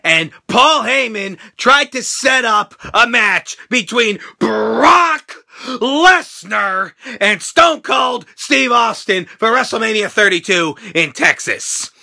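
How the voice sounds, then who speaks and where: A man hosting a casual chat show, excitable and profane, laughing often. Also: extremely high pitch, slow, gravelly. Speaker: host.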